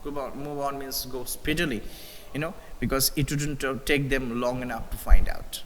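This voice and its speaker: A man's voice: medium pitch, steady tone, moderate pace, fairly bright tone, big-room sound, poor audio. A male teacher with an Indian English accent who reads a story aloud during a live class, then explains it, often repeating himself and using fillers. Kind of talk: live English literature lesson.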